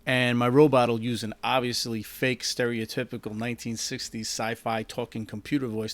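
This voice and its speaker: A man reading his own darkly comic short story aloud into a microphone, in a deadpan way. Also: medium pitch, moderate pace, hardly any pauses.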